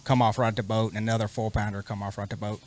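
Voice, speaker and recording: A man's voice: on the low side, flat delivery, quick pace, a little hiss or hum. A man being interviewed after a fishing tournament, speaking in a plain, matter-of-fact way. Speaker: tournament angler.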